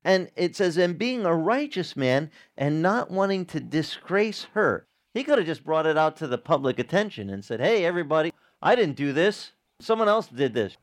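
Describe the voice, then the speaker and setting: A man's voice: big pitch swings, normal speed, few pauses. A man preaching a sermon in a casual, conversational way, acting out short dialogues. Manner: conversational, acts out little dialogues with jumps in pitch.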